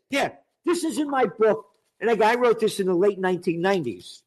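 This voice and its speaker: An older man, an author reading from his book and breaking into profane, shouted rants. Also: sits high, animated, a little fast. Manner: profane ranting with shouted outbursts.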